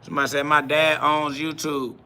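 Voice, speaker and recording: A man's voice: fairly high pitch, level tone, fairly quick, sharp tone, slight background noise. A man hosting a live stream, ranting combatively and profanely while answering chat comments.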